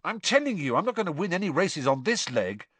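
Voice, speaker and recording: Brief: man doing a hurt teenage wizard, high strained voice, snappish and breathless, dry close sound. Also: very animated, a little fast, slightly rough, no echo, heavily acted. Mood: panting, irritable. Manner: shouting spells, panting and irritable. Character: teenage boy wizard, injured, stubborn.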